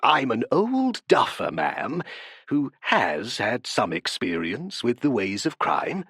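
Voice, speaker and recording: A man voicing a stout, genial elderly male detective who questions people in a musing, deliberate way, in an audiobook. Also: mid-range voice, huge pitch swings, fairly bright tone, breathy edge, no room sound, clean studio sound, heavily acted. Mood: pondering. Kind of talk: audiobook character voice.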